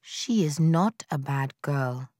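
A woman reading aloud, voicing a tired, gentle older father-in-law who speaks slowly. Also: on the low side, expressive, dry recording, studio quality. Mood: weary. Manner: weary, slow.

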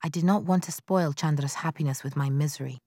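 A woman narrating a novel in the first person, in a measured, quiet storytelling manner. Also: deep voice, no echo, studio quality. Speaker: audiobook narrator.

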